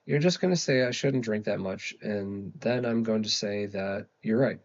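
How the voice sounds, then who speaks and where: A man's voice: lowish voice, moderate pace, highs cut off, natural voice. A man reading aloud and voicing a stubborn, defensive eighteen-year-old college girl in a storybook. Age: young adult. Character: defiant hungover teenage college girl.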